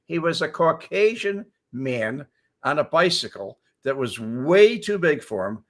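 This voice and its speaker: Older male host, chatty storyteller, laughs a lot, bright and lively. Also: fairly high pitch. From Chicago area. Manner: animated, laughs often, acts out quotes. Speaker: show host. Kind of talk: casual storytelling chat.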